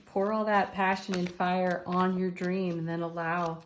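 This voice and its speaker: A woman giving an intuitive tarot card reading to her viewers, soothing and encouraging, with soft laughs. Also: fairly low pitch, steady tone, slow pace, a little hiss or hum. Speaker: tarot reader.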